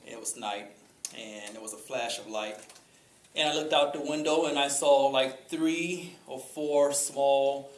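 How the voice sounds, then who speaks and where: A man's voice: medium pitch, fairly even intonation. Man speaking casually in an echoey room. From Chicago. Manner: conversational, with fillers and pauses. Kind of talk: informal talk to a group. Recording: echoey room with faint ambient noise.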